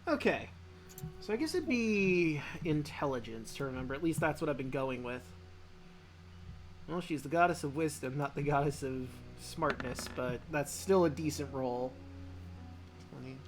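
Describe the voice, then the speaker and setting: An easygoing game master narrating a tabletop game in a loose, rambling way, thinking aloud between descriptions. The voice sits at an ordinary middle pitch. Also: expressive, moderate pace, soft background music.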